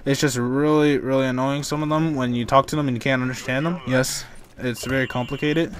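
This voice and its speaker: A man's voice: medium pitch, fairly even intonation, fairly quick. A young man from Canada, telling a rambling, exasperated story over gameplay commentary. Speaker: gaming YouTuber.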